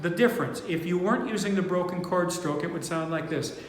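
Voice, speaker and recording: A man teaching four-string banjo in a relaxed, unhurried way, thinking aloud with fillers as he plays. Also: high voice, loud music behind the voice. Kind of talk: relaxed online music lesson. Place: indoor room, playing banjo while talking. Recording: echoey room with long reverb, banjo playing behind.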